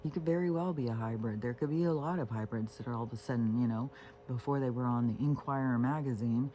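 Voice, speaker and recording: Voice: medium pitch, fast, dark tone, muffled recording, a little hiss or hum. Rambling, cursing home vlogger. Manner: profane, meandering, frequent fillers and restarts. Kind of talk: casual rambling monologue. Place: at home on a couch with pets.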